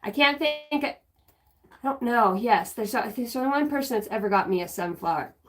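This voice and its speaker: A woman's voice: on the high side, expressive, normal speed. A woman on a casual spiritual livestream, rambling, giggling often and humming bits of songs as she goes.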